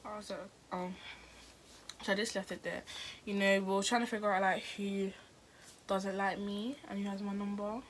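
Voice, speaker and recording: A woman's voice: mid-range voice, little pitch movement, moderate pace, slight background noise. A teenage girl, telling a story to camera in a rambling, chatty way. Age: teens. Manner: rambling and chatty, full of "like" and restarts. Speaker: vlogger. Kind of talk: casual storytime chat.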